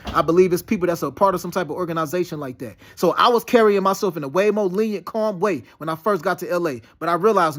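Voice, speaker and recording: A man's voice: high-pitched, quick pace, few pauses. A man talking in a rambling, profane, heated and insistent monologue. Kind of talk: casual monologue.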